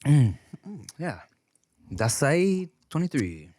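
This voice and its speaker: A man hosting a podcast, telling stories in casual chat, animated and profane, with plenty of fillers. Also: on the high side, takes it slowly, no room sound, clean studio sound. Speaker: podcast host.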